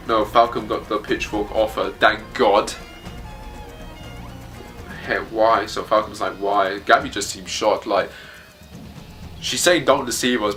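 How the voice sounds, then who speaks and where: A man reading a manga chapter aloud as he reacts, blunt and excitable, swearing freely. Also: on the low side.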